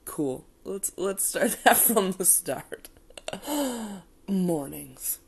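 A woman with a raspy morning voice, chatting casually and introducing a song she is about to sing. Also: medium pitch, slow, noisy background. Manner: relaxed and chatty, laughing between phrases. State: raspy morning voice after a loud night. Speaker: singer introducing a song cover. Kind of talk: casual chat to camera.

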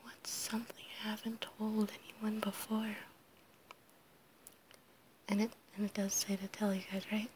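A woman with a sick, hoarse, half-whispered voice talks haltingly in a casual solo recording, apologizing often and laughing nervously as she answers a questionnaire. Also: medium pitch, flat delivery, a little mellow, slight background noise. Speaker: audio creator answering a questionnaire.

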